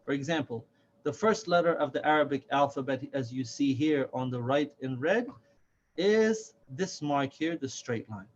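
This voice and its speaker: A man teaching a slow, careful alphabet lesson, patiently repeating each letter's name and sound. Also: medium pitch, expressive. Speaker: Quran reading teacher. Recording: dull, lo-fi sound.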